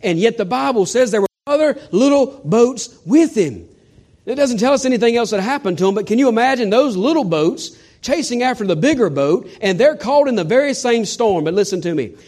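A man preaching a sermon to his church, swinging from shouts down to hushed near-whispers and firing rhetorical questions at his listeners. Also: very high-pitched. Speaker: pastor.

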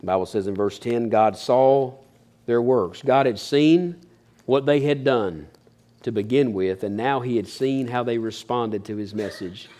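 Man, pastor, folksy sermon, earnest, mid-pitched voice. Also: measured pace, mellow. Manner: folksy, earnest preaching with rising emphasis.

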